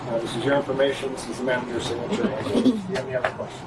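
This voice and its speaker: A man's voice: medium pitch, big pitch swings, rapid-fire. A man working as a police officer, firmly and procedurally reading a court notice to a detained woman at a gas station. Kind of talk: bodycam exchange. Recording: noisy body camera audio from a distance.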